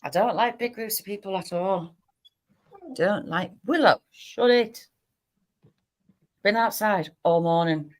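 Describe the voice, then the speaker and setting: A woman with a Cumbrian accent hosting a casual livestream chat, talking quickly and laughing often. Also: medium pitch. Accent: Cumbrian English. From Cumbria, England. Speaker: livestream host.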